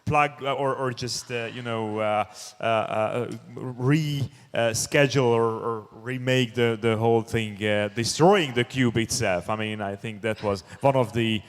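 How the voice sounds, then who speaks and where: A mid-pitched man hosts an event on stage, joking with his co-host and filling pauses with many "uh"s. The hall adds a long, trailing echo. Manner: lively and jokey, with many filler sounds. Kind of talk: on-stage hosting. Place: conference stage in a large hall.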